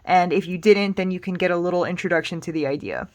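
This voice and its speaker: A woman teaching Spanish grammar in a relaxed, explanatory way, patient and reassuring, thinking aloud with small fillers. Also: on the low side, fast talker. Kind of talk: casual explanatory lesson.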